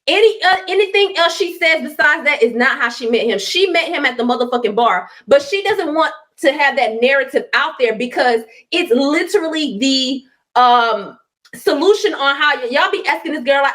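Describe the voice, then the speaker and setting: A woman on a live stream in full combative rant mode, swearing and mocking without letting up. Her voice sits on the high side. She swings into loud bursts of scorn. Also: expressive, normal speed.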